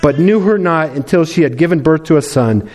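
Pastor, male, high-pitched voice, chatty sermon delivery with frequent restarts. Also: expressive, a little fast, a little mellow. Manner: conversational, with many restarts and repeated words.

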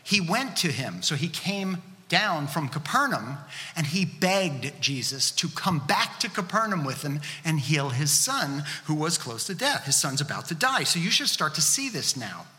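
A man's voice: fairly high pitch, sing-song, moderate pace, bright, forceful tone. A man preaching a sermon as a pastor, earnest and conversational, asking the listeners questions as he goes. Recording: reverberant hall.

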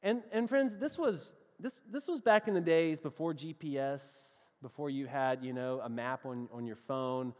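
A man with a Southern US accent preaching a sermon, telling a personal story in a lively, animated way and calling his listeners friends. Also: mid-range voice, moderate pace, few pauses, in a large hall. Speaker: pastor.

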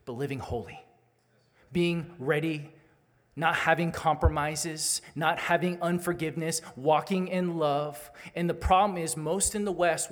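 Earnest male pastor in a reverberant hall. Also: on the high side. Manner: earnest, candid, rising to urgent appeals. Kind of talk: sermon. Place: church sanctuary.

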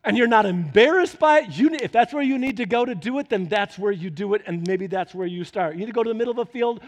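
A man's voice: sits high, fast talker, darkish tone. A man preaching a sermon, telling a homely story and then urging his listeners on with fervent exhortation. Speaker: pastor. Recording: long hall reverb.

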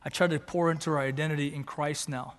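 A man's voice: fairly high pitch, fairly even intonation, fast. A male pastor telling a personal story in a sermon, conversational and rising to fervent emphasis, with Japanese phrases mixed in. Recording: long hall reverb.

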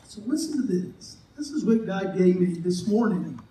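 Pastor, male, high voice, conversational sermon, echoey distant church recording. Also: animated, moderate pace, mellow, slight background noise. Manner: conversational, joking, acts out quoted voices. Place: church sanctuary. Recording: echoey church hall, mic from afar.

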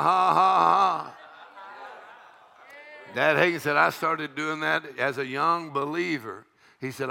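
A middle-aged man preaching a charismatic sermon, breaking into loud shouts and rhythmic laughter. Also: mid-range voice, gravelly.

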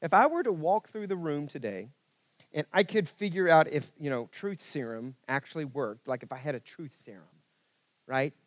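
A man preaching a church sermon, rising to loud calls and dropping to hushed asides. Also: on the high side, lively intonation, normal speed, no echo. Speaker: pastor. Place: church service.

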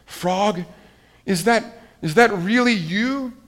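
A man voicing an excitable, boastful male toad in a storybook read aloud to children, high and loud. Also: slow, full character voice. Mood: relieved.

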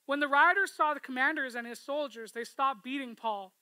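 A woman preaching a sermon, retelling a scripture story with expressive, storytelling delivery and asking listeners to imagine the scene. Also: sits high, a little fast, no echo, low-quality recording.

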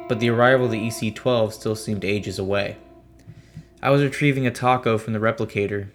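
Man narrating a story, steady voice. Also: fairly low pitch. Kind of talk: first-person storytelling narration. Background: faint music.

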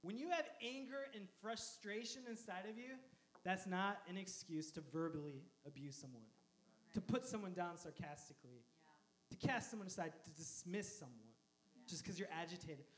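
A man in his thirties, a pastor preaching a sermon, telling a story with animated energy and frequent laughter. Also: high-pitched, moderate pace. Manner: animated storyteller, laughs often, shouts quoted lines.

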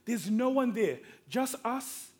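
A man from Africa preaching a sermon through a personal story, animated and swinging between hushed tones and excited shouting. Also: very high voice, slow pace.

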